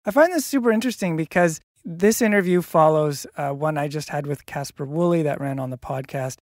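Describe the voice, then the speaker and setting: Casting note: interviewer, mid pitch, dry close-mic sound, measured questions. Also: no room sound. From Canada. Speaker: podcast interviewer. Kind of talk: podcast interview.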